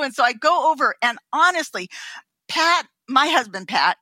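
A woman guest on a podcast telling a story in a casual, animated way and acting out the voices of the people in it. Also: sits high, moderate pace, no echo. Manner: animated, acts out the voices in her stories.

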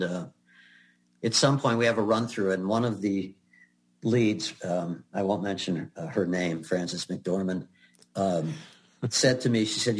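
An older man, a guest actor, telling chatty anecdotes in an interview with laughs and restarts. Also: fairly low pitch. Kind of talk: storytelling in an interview.

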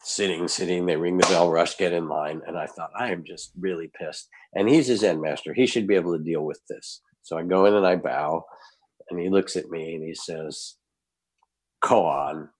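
A man, a podcast guest, telling a lively anecdotal story in conversation. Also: deep voice, a little fast.

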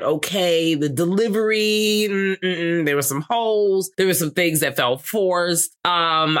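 Animated, swearing podcast co-host. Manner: animated, jumps into high-pitched impressions, swears freely. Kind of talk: casual movie review chat.

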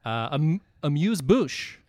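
Male comedian co-host, animated pitch, chatty storyteller. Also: slow. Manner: lively, storytelling, laughs often. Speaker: podcast co-host, stand-up comedian. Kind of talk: casual chat.

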